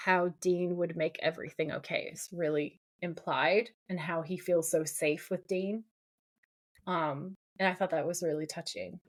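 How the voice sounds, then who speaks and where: A woman's voice: lowish voice, fairly even intonation, normal speed. A woman co-hosting a podcast, chatting casually as she recaps a TV episode and reads out lines from it. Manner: retells scenes by reading out lines, with many fillers. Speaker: podcast co-host.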